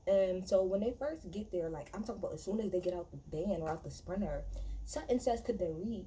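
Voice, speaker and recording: A woman's voice: on the low side, lively intonation, brisk, dark tone, slight background noise, poor audio. A woman giving a casual, blunt and profane recap of a reality TV episode, talking in a chatty way with many fillers and restarts. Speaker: reality TV reviewer.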